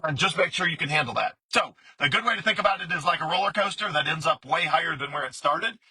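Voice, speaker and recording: Bright, husky-voiced man explaining casually. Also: fairly high pitch, quick pace, no echo, poor audio. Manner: conversational, repetitive, many fillers and restarts. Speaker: bitcoin commentator.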